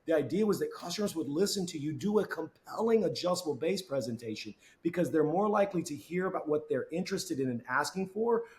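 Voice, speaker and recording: A man telling lively sales stories in a casual podcast chat, acting out customers in quoted voices. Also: a little high, fast, few pauses. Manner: animated, acts out customers and coworkers in quoted voices. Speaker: podcast guest, marketing executive.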